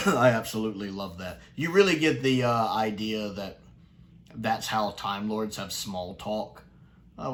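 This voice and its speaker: Chatty low-voiced male reviewer. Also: normal speed, bright, forceful tone. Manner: enthusiastic, chatty, with fillers and restarts. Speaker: sci-fi reviewer. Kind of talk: casual review commentary.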